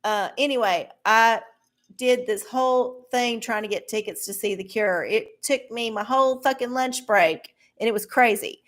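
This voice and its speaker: A woman's voice: on the high side, moderate pace. A woman hosting a live stream of oracle card readings, chatting casually with viewers in a rambling, profane way. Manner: profane, rambling, laughs often. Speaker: livestream host giving oracle card readings.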